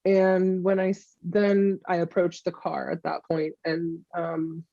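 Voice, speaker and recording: Woman interview guest, candid and halting, warm relaxed tone, dry muffled lo-fi sound. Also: lowish voice, gravelly, no echo. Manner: candid, halting, with frequent restarts. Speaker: guest, mother of the subject. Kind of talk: personal interview, recounting events. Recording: muffled lo-fi recording.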